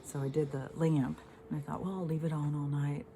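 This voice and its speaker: A woman's voice: deep voice, level tone, a little fast, background noise. A middle-aged woman from the United States ranting to camera in a frustrated, rambling way, swearing often and using many fillers. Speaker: spiritual vlogger. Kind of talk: unscripted rant to camera.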